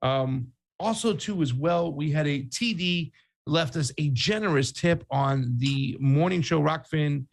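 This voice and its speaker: A man's voice: a little high, measured pace, gravelly. A man from Brooklyn co-hosting a casual news talk show, joking in banter and thanking viewers for contributions. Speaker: co-host.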